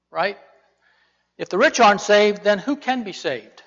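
Expressive and unhurried, a preacher with a high-pitched, a bit bright voice teaches from the Bible in a conversational style. He puts rhetorical questions to his listeners, and the recording is a dull one with hall reverb.

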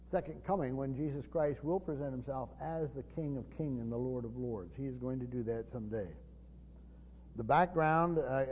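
A man teaches from Scripture in a halting, unscripted way, repeating words and leaning on fillers. His voice sits a little high for a man. The recording is dull and lo-fi, with a long reverb from a church hall. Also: slight background noise. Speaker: preacher.

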